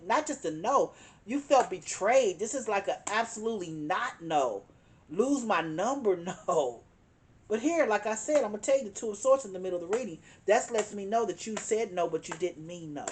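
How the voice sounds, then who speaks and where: A woman with a mid-range, animated voice gives a tarot card reading at a normal pace, with slight background noise. She speaks emphatically, repeats her points, and chuckles now and then.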